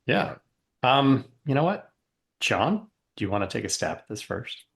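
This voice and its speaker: A man hosting a casual podcast discussion, measured as he steers the conversation. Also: mid-range voice, big pitch swings, gravelly. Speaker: podcast host.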